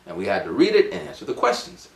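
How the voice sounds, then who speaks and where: A man in his forties telling a rambling, animated story at home. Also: mid-range voice, fast talker, creaky, reverberant. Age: 40s. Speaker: vlogger. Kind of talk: casual storytelling vlog.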